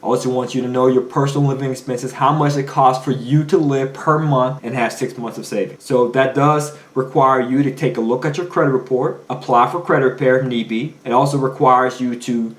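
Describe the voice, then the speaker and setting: A man's voice: mid-range voice, steady tone, a little fast, few pauses, roomy sound. A man giving a motivational finance talk as a coach, emphatic and preachy, firing off rhetorical questions. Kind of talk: motivational monologue.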